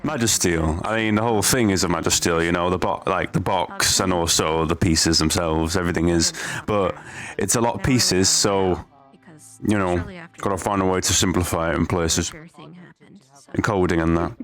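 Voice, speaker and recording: A man's voice: low-pitched, moderate pace, a bit bright. A young man chatting in character during a roleplay session, easygoing and rambling, restarting his sentences. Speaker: roleplay streamer.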